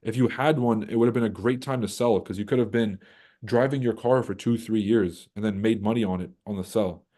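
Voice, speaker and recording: A man's voice: on the low side, brisk. A man hosting a trading livestream, ranting casually and with lots of swearing, and now and then mocking others in put-on voices. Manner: profane, animated, mocks others in put-on voices. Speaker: livestream host.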